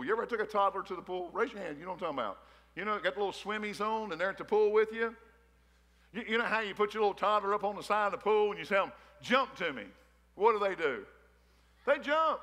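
A man preaching in a high, folksy voice, trading jokes and questions with his congregation. He wears his emotion openly as he preaches. His words ring out with a long reverb through a big church hall. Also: sharp tone. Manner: folksy, joking preaching with crowd call-outs. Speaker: pastor. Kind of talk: sermon. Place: church hall, a former gymnasium.

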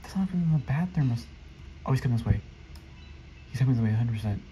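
A young man giving excitable commentary over his own gameplay as a channel host, often jumping into squeaky teasing voices. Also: fast talker, slight background noise, poor audio.

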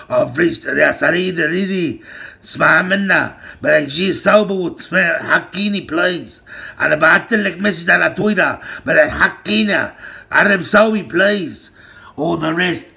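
A gravelly, heavily fried man rants in an aggressive, profane monologue. His voice is bright and tense, and his delivery drags slowly while he barks out names and threats. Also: fairly high pitch. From Australia. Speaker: self-styled gang boss ranting to camera. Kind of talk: angry rambling monologue.

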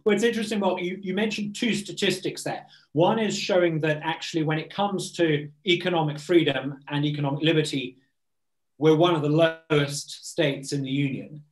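A man's voice: on the high side, steady tone, moderate pace, reverberant. A man from Britain, a think tank president, speaking earnestly and eagerly as a guest on a video call interview, often restarting his words.

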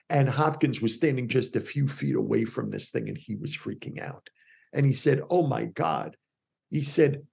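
A man with a gravelly, somewhat husky voice tells a story as a podcast guest. He slips into the voices of the people in his anecdote and keeps the telling lively. His voice sits at a medium pitch. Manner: animated storyteller voicing quoted characters. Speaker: podcast guest, differentiation expert. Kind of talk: storytelling in an interview.

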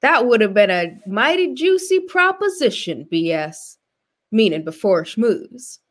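A woman's voice: mid-range voice, sing-song, a little slow, pitched below the performer's own voice. A woman voicing a poor rural laborer in a put-on Arkansas accent, reading comic lines with a folksy drawl. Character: poor rural man, a plain-spoken laborer.

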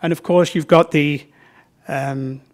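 A man's voice: fairly high pitch, fairly even intonation, slow pace. A man giving an informal library talk about his novels, conversational and joking, with fillers as he points to slides.

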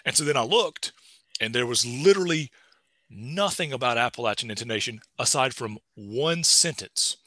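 Animated man, bright voice. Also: normal speed, dry recording. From East Tennessee. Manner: animated, rising pitch accents. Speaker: linguistics lecturer. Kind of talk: casual seminar talk with anecdotes.

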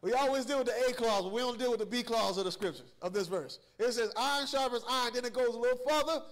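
A man's voice: extremely high pitch, fast. A man preaching a sermon in a church with a Southern US accent, teasing and calling out to the congregation. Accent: Southern US, Georgia. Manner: call-and-response preaching with congregation, playful and teasing. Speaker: pastor. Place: church sanctuary.

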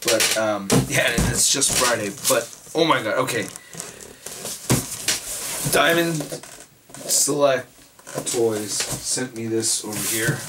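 A man with a hoarse, raspy voice, chatting excitedly and rambling as he unboxes toys for his channel. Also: medium pitch, slow, long pauses, very noisy. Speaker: toy reviewer. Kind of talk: casual unboxing chat.

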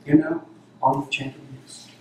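This Zen teacher's dharma talk comes through a very echoey meditation center hall, his voice distant. He speaks a little fast, with a slightly mellow tone, yet unhurriedly, repeating short phrases.

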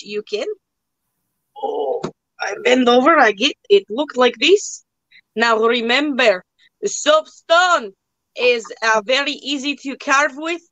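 A woman's voice: high-pitched, fairly bright tone, dry recording, low-quality recording. A young woman hosting a live online auction, joking around in a put-on broken-English accent. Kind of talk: live sale chat.

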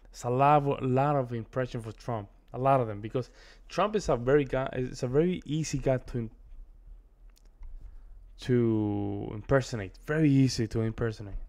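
American man, reaction video host, casual rambling commentary, lots of fillers, mid-pitched voice. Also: moderate pace, a little mellow. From United States. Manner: rambling, repeats himself, many fillers.

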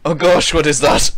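A man giving playful, excitable let's play commentary while gaming with a friend. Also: medium pitch, noisy background. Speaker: gamer playing with a friend.

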